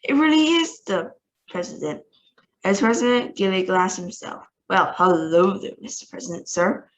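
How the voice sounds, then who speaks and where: A woman's voice: medium pitch, very animated, normal speed, natural voice, poor audio. A woman reading aloud, voicing a brash, cheeky male astronaut. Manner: brash, sassy.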